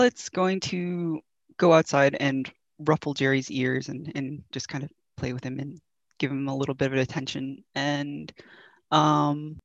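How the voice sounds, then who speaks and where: A man playing in a tabletop game, softly and hesitantly narrating his character's actions. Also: fairly high pitch, creaky, dry recording. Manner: soft and hesitant, with fillers. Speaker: player. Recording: dull dry lo-fi mic.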